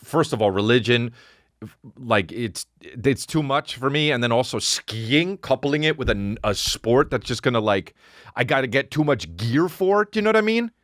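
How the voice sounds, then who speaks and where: A male comedian rants on his podcast in a mid-pitched voice. His delivery is loose and profane, and his pitch swings from low mutters up to squeaky mocking yelps. The sound is dry and close to the mic. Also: moderate pace, dry recording. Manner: animated and profane, with sudden high-pitched mocking outbursts. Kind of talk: comedic rant.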